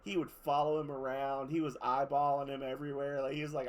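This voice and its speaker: A man's voice: mid-range voice, level tone, fast talker, a little hiss or hum. A man streaming a game in casual chat, rambling through stories, swearing and laughing as he goes.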